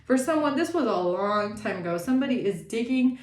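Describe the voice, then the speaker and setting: A woman giving a casual tarot reading, animated and sassy, swearing often and acting out the people she talks about. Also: a little high, a little fast, reverberant. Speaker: tarot reader.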